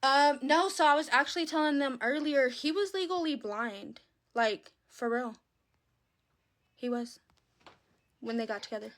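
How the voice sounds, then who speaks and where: A woman's voice: high voice, unhurried, long pauses. Chatty woman on a phone livestream. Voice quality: casual, chatty Southern speech with fillers. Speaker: livestream host. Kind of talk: casual live stream chat.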